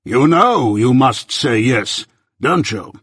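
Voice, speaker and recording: A man with a husky voice voicing a stern, deliberate middle-aged lawyer who questions slowly and emphatically, in a storybook reading. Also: mid-range voice, lively intonation, fairly bright tone, no echo, studio quality, heavily acted. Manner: slow, emphatic cross-examining delivery.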